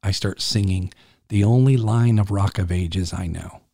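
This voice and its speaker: A middle-aged man tells a personal story on his podcast in an earnest, halting way, often circling back over his words. His voice sits low and sounds warm and mellow. The recording is dry and close, with no room echo.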